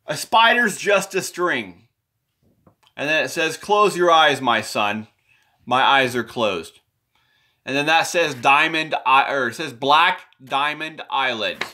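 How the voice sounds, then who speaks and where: Explaining his drawings off the cuff, a man wanders, circles back over the same words and fixes himself mid-thought. He frequently trails off into a low, quiet tone as phrases finish.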